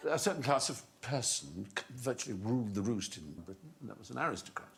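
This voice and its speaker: A man's voice: mid-range voice, animated, fast, creaky. A man hosting a comedy panel show, telling erudite anecdotes with theatrical flair. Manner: erudite, theatrical raconteur who acts out quotes. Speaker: quiz show host.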